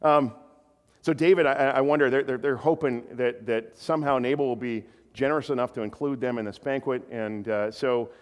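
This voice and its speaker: Conversational preacher in a reverberant hall. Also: male voice, mid-range voice, steady tone, normal speed. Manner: conversational, stumbling repetitions, chuckling asides. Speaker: pastor. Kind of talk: sermon.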